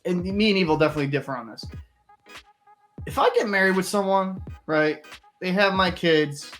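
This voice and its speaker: A man's voice: a little high, fairly bright tone. A young man hosting a reaction video, talking candidly in a rambling, casual way and swearing freely. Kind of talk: casual commentary.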